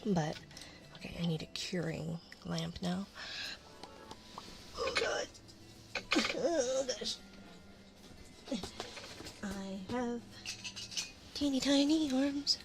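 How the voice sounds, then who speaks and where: A woman streamer chatting casually in an ASMR stream, rambling and often dropping into a soft whisper. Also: mid-range voice, expressive, very slow, gravelly, long pauses, noisy background. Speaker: VTuber streamer.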